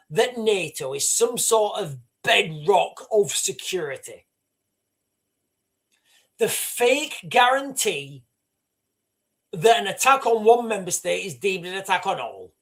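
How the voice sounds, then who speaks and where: A northern English man hosting a livestream, giving fast, rambling political commentary with many restarts. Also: high voice, fairly bright tone. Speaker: livestream host.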